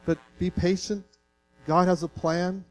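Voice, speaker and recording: This Canadian pastor's voice sits slightly high for a man and barely moves in pitch as he preaches at a measured pace. His sermon is earnest and folksy, mixing simple stories and self-deprecating jokes with emotional emphasis. Audio quality is poor, and a faint electrical hum can be heard beneath him.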